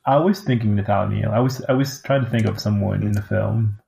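Gravelly low man asking teasing questions. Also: brisk, dark tone. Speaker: podcast co-host discussing a film. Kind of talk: casual chat.

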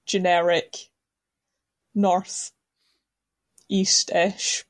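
A woman's voice: lowish voice, flat delivery, very slow. A woman chatting casually on a podcast with dry humor.

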